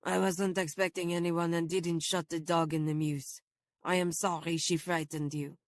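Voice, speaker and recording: Brief: woman narrator playing a gruff male groundskeeper, heavily accented, low growl, curt. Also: level tone, moderate pace, dry recording, clean studio sound, natural voice. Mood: deferential. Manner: curt, blunt, then stiffly polite. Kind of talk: audiobook character voice.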